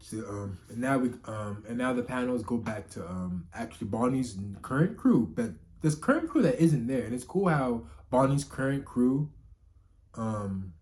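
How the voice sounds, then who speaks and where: Rambling, foul-mouthed young man reviewing manga. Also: mid-range voice. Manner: rambling, heavy filler words, frequent swearing; emotional, rising to excited outbursts. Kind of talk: casual spoken review.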